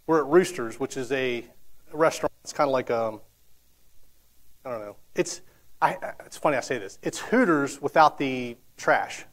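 A man's voice: mid-range voice, moderate pace, a bit bright, rough recording. A man in his thirties giving a casual, conversational sermon, telling stories with frequent restarts and fillers. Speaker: preacher.

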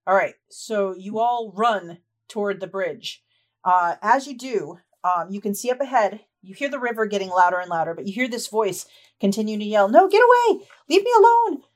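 A woman running a tabletop game as game master, describing scenes in a relaxed, chatty way with frequent fillers. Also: medium pitch, moderate pace.

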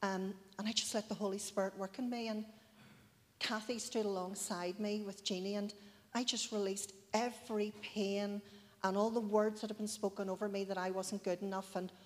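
A woman's voice: medium pitch, flat delivery, normal speed. A woman in her forties giving a heartfelt, chatty personal testimony in church, with many asides. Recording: long hall reverb.

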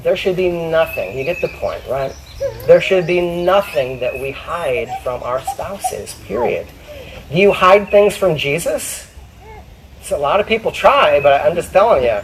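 A man preaching a sermon, talking casually to his church and slowing down to read scripture aloud. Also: a little high, animated, a little hiss or hum, low-quality recording. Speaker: pastor.

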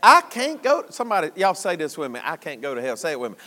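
A man preaching a sermon in a church, folksy, at times shouting and at times dropping low. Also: huge pitch swings, fast, long reverb tail.

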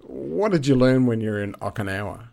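A man interviewing a guest, asking measured, open questions. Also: medium pitch, lively intonation, vocal fry, warm tone.

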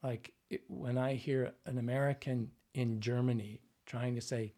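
Husky-voiced male dialect coach explaining. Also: mid-range voice, fairly even intonation, moderate pace, dark tone. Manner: explanatory, demonstrates lines and sounds. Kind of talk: interview explanation.

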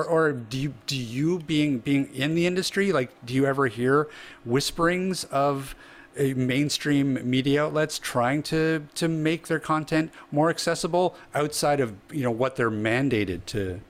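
A man's voice: fairly high pitch, moderate pace. A man on a panel discussion who asks meandering, thoughtful questions. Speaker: panel guest.

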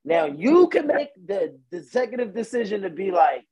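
A husky man with a high, animated voice. He co-hosts a casual podcast chat and talks insistently, repeating "look" to hold the floor. The recording sounds dull and lo-fi. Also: normal speed, few pauses. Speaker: podcast co-host.

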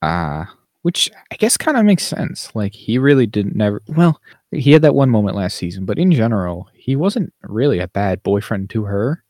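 A man with a lowish voice co-hosts a podcast in a casual, rambling chat, with plenty of ums and restarts. He is close to the mic, and the sound is dry and free of room echo. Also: very animated, moderate pace, a little mellow. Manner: rambling, full of fillers and restarts. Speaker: podcast co-host.

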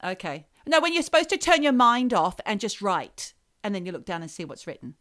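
Female podcast co-host, playful and teasing, lively intonation, mid pitch. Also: fairly quick, dry recording, studio quality. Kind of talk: casual chat.

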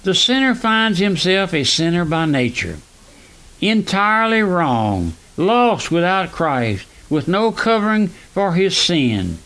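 A man, preaching a fervent radio sermon that swings between raised and hushed lines. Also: high voice, big pitch swings, takes it slowly. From South Louisiana. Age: 90s.

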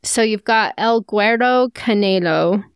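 A woman co-hosting a casual podcast, talking in a loose, chatty way and laughing easily. Her voice is middle-pitched and sits close and dry on the mic, with no room around it. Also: a little slow, clear, resonant tone, dry recording. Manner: chatty, laughs often, playful asides. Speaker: podcast co-host. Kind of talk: casual chat.

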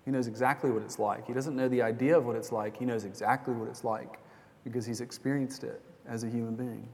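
A man's voice: medium pitch, steady tone, fast, vocal fry. A young man preaching a sermon as pastor, telling a story in a conversational way with small jokes and asides. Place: church sanctuary. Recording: long hall reverb.

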